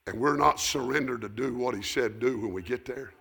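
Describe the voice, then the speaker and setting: A middle-aged man with a Southern American accent preaching a sermon, telling folksy stories that build up into shouted preaching. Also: mid-range voice, a little fast, creaky, slightly rough. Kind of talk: storytelling sermon.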